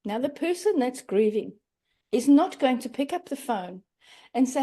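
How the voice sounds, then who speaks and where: A woman's voice: high-pitched, sing-song, normal speed, warm tone. A middle-aged woman speaking earnestly as a guest in a podcast interview, acting out quoted phrases. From Australia. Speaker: grief coach, guest.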